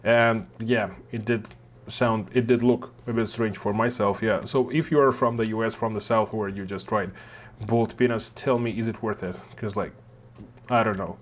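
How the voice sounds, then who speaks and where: A man's voice: fairly low pitch, fairly even intonation, moderate pace. A man with a Russian accent, hosting a reaction video and chatting casually, thinking aloud with lots of fillers.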